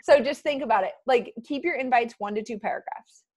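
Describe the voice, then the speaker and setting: A young woman leading a casual motivational team call over a computer mic, chatty and excitable with quick asides. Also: a little high.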